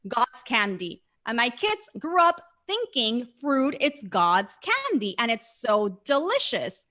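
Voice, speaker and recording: A woman guest talks through her ideas earnestly, leaning on key words and repeating them for stress. Her voice sits a little high and rings bright and crisp. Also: very animated, slow. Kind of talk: conversational interview.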